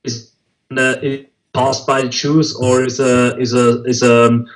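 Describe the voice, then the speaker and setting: A man answering interview questions haltingly, searching for words and restarting often. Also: mid-range voice, level tone, soft background music, poor audio. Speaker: interview guest, movement spokesman.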